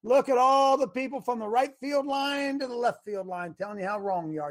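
A man's voice: very high-pitched, a little fast, hardly any pauses. A man hosting a call-in show, talking animatedly and acting out little mock exchanges. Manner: animated, acts out mock dialogues. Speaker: host.

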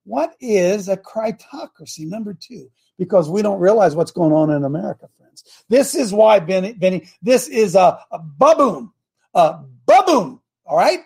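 Husky man as a fired-up show host, hammering each point slowly. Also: sits high, lively intonation, darkish tone. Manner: emphatic, repeats key words slowly, addresses helpers by name. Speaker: coach leading a Christian talk show. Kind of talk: fiery preaching-style talk to viewers.

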